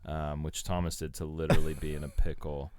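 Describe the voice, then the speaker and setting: Very deep smooth-voiced man, playful. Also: level tone, a little fast, darkish tone. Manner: playful, jokey, reads out research. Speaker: podcast co-host. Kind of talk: casual chat.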